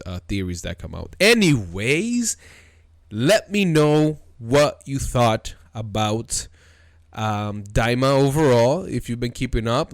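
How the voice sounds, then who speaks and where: A man hosting a casual anime commentary video, talking excitedly and loosely, calling viewers dude and bro. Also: medium pitch, dry recording, studio quality. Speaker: video host.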